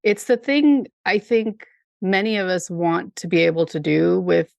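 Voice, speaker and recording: A woman's voice: on the low side, expressive, measured pace, vocal fry, darkish tone, no echo, dull audio. A woman co-hosting a podcast, talking through a TV episode in a thoughtful, reflective way, often asking "right?". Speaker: podcast co-host. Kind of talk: casual discussion of a TV show.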